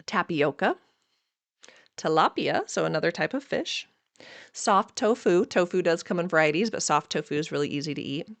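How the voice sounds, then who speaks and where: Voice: medium pitch, lively intonation, creaky, fairly bright tone, dry recording. Chatty dietitian with a dry close sound. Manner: chatty and upbeat, quick asides while listing foods. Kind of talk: casual educational talk.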